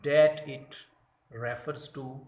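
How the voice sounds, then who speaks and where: Male English teacher, very slow and careful, catches his own mistakes, roomy echo. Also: mid-range voice, fairly even intonation, darkish tone. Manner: slow and deliberate, corrects his own slips. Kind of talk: grammar lesson explaining slides.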